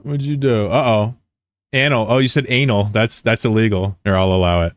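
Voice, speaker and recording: Low-voiced man chatting on a stream. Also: fairly quick, no room sound, clean studio sound. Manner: rambling and digressive, with many restarts; joking, self-deprecating. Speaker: game streamer. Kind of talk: casual live-stream chat with viewers.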